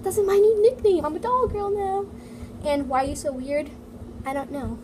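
Girl vlogger with a high voice, chatty and full of fillers, noisy basement with a heater going. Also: normal speed. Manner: chatty, lots of "like" and "so yeah" fillers. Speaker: toy collector vlogger. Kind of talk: casual chat reading comments. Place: home basement. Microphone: iPad mini. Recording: noisy home recording, heater hum. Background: heater running.

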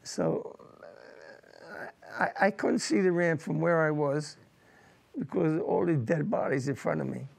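Gravelly older veteran recalling war. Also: male voice, a little high. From United States. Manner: emotional, halting recollection with repeated words. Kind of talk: personal war testimony.

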